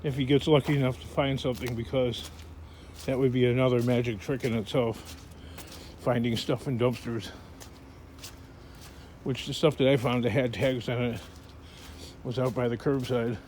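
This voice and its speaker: Over constant background noise, a middle-aged vlogger talks to himself in a loose, rambling way as he sorts through items in a work space with scrap. He speaks at normal speed with a medium pitch and pauses often.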